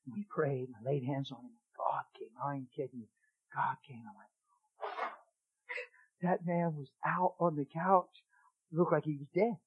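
A man's voice: on the high side, fairly even intonation, a little slow, breathy edge, phone-quality sound. Dramatic storytelling male preacher. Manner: dramatic, swings from loud exclaiming to hushed near-whisper. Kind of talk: sermon testimony storytelling.

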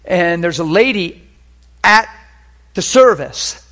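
A man preaching and telling healing stories, swinging between hushed and loud. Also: sits high, lively intonation, slow pace. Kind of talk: sermon with healing testimony.

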